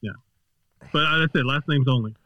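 A man's voice: mid-range voice, brisk, pushed and bright, lo-fi sound, slight background noise. A man co-hosting a casual podcast, rambling and filling gaps with likes and ums. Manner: rambling, lots of fillers. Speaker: podcast co-host.

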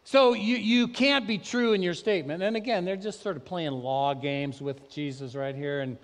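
A man preaching a sermon, talking conversationally and then rising to loud, emphatic peaks. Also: high voice, moderate pace, big-room sound. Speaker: pastor. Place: church sanctuary.

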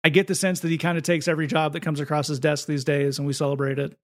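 Wry, chatty man with a higher voice. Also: flat delivery, quick pace. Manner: chatty, wry, repeats words as he starts sentences. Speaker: podcast co-host. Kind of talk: casual chat.

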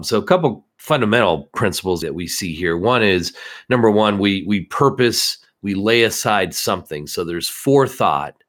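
A man's voice: lowish voice, animated, normal speed, a bit bright. Earnest man explaining scripture. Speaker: Bible study co-host. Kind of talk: conversational Bible study discussion.

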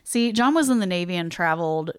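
A woman's voice: on the low side, animated, fast, smooth, no room sound, clean studio sound. A woman co-hosting a casual podcast, reading from her research with wry asides and easy laughs. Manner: chatty, wry, laughs easily, reads notes aloud with asides. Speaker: podcast co-host.

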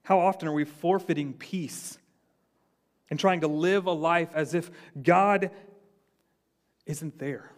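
A man, a pastor, preaching a sermon in an earnest way, rising for emphasis and then dropping low. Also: slow, long pauses.

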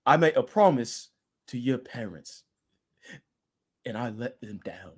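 A man's voice: medium pitch, expressive, unhurried, slightly rough. A man putting on a mock English accent to play an older, stern English butler. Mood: mock-solemn. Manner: mock-solemn, exaggerated.

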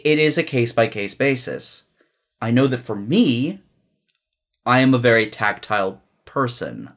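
A young man with a lowish voice co-hosts a casual podcast. He talks candidly and swears freely. He stops and restarts his sentences as he thinks. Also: a bit bright. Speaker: podcast co-host.

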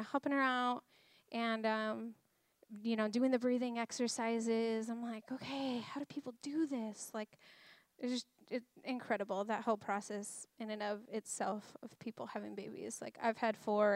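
A woman's voice: a little high, a bit bright, clean tone, no room sound, studio quality. A woman in her thirties giving a chatty, self-deprecating sermon full of personal stories and laughter. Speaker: guest preacher. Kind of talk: conversational sermon storytelling.

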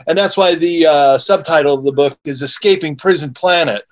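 A man's voice: fairly high pitch, moderate pace. A man who is an author, a guest in an interview, explaining his ideas steadily with small restarts.

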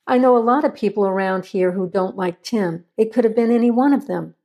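A woman's voice: mid-range voice, brisk, dark tone, close to an everyday voice. A woman reading the part of a hunted man on the run, curt and stern. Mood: terse. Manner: curt and demanding.

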